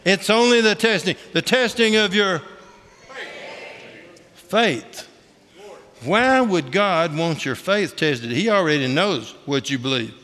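High-voiced bright folksy man preaching. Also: expressive, slow pace, long pauses. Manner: folksy, humorous storytelling; colloquial Southern-style grammar, "ain't". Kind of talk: testimony sermon. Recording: long hall reverb.

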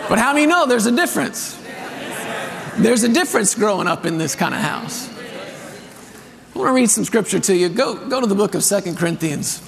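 A man preaching a sermon as pastor, telling family stories with animated energy and reading scripture slowly with emphasis. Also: sits high, vocal fry, a crowd in the background. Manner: animated storytelling, reads scripture with slow emphasis. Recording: long reverb of a large hall.

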